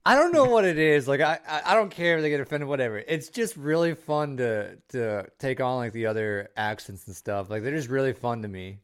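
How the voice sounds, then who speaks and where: Man, casual podcast banter, mid pitch, joking, laughs a lot, swears. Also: expressive, a little fast, few pauses, clean tone. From Texas. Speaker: podcast co-host. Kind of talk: casual chat.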